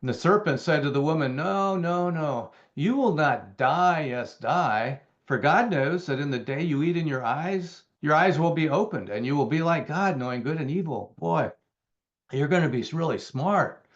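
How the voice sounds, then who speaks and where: A man's voice: fairly high pitch, animated, normal speed, highs cut off. A man teaching from the Bible in a conversational way, reading verses aloud and explaining them with emphatic repeats and the odd filler.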